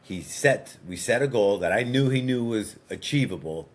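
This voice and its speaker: Guy with a really low voice chatting on a podcast, laid back storyteller, lots of ums and restarts. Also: normal speed. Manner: relaxed storyteller who acts out dialogue; frequent fillers and restarts. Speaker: podcast guest, fitness coach. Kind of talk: conversational storytelling.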